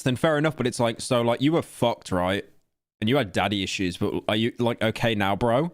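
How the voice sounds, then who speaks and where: A man's voice: medium pitch, a little fast, no room sound, clean studio sound. A man streaming, reacting to clips with sarcastic, mocking commentary and stammered restarts. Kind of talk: casual livestream commentary.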